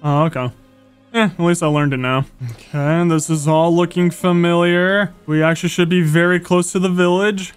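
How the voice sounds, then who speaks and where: A young man giving excitable live gameplay commentary, gasping, yelping and talking to the animals and monsters on screen. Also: high-pitched, normal speed, smooth. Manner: excitable, talks to animals and mobs, frequent gasps and yelps. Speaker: gaming YouTuber. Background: faint game music.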